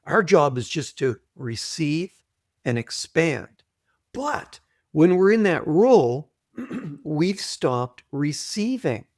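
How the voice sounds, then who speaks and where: Higher-voiced man explaining patiently. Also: big pitch swings, no room sound, clean studio sound. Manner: deliberate, repeats points, clears throat often. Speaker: guest, trauma author. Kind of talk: conversational interview, teaching.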